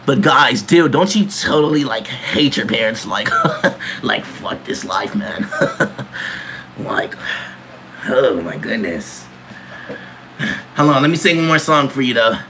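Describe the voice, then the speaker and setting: A man's voice: medium pitch, animated, a little slow, noisy background. A young man livestreaming in a joking emo persona, full of mock-teen slang and frequent laughter.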